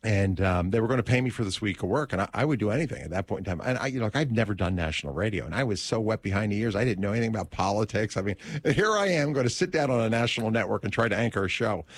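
A man's voice: on the low side, lively intonation, very fast, few pauses, dry recording. A middle-aged man who hosts talk radio, telling a personal story in an interview, acting out scenes animatedly and often restarting phrases.

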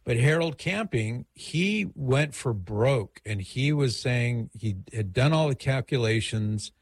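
A man's voice: medium pitch, lively intonation, slow pace, no echo. A middle-aged man hosting a radio call-in show, giving advice in a conversational, digressive way.

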